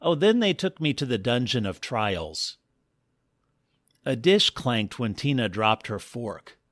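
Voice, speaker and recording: A man telling a comic first-person story in a wry, deadpan manner. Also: medium pitch, slow, dry recording, clean studio sound. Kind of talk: scripted comic narration.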